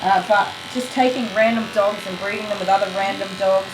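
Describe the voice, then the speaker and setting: This woman speaks a little fast in a mid-range voice with a steady tone. Grooming a dog on a live stream, she chats casually but grows passionate and ranty, with mild swearing, while clippers buzz in an echoey room.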